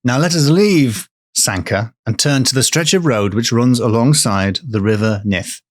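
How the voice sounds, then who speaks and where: A man co-hosting a podcast, telling a folklore tale in a conversational way with wry, deadpan jokes. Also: mid-range voice, normal speed. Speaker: podcast co-host and storyteller.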